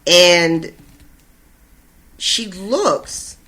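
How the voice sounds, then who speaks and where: A podcast co-host chatting casually about a book chapter, excited and swearing freely. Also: mid-range voice, very slow. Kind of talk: casual chat recapping a book.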